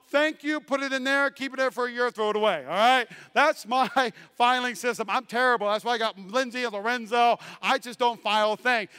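A man preaching a sermon as pastor, swinging between loud declarations and quiet asides. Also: high voice, clean tone, no room sound, clean studio sound.

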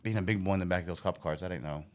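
A man hosting a podcast who chimes in with quick questions and comments in casual conversation. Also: deep voice. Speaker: podcast host.

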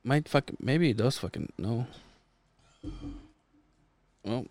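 A man's voice: medium pitch, lively intonation, takes it slowly, darkish tone. A man co-hosting a podcast in casual chat, rambling through stories, laughing often and acting out other people's lines. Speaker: podcast co-host.

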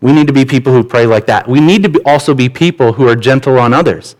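A man's voice: mid-range voice, fast, rough recording. Male pastor, conversational sermon, candid and casual, mid-range voice.

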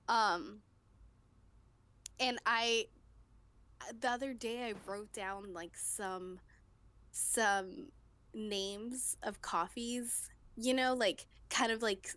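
A woman's voice: a little high, very slow, pauses often, sharp tone. A woman co-hosting a podcast in casual chat, giggly and full of fillers. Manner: chatty, giggly, lots of fillers. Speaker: podcast co-host.

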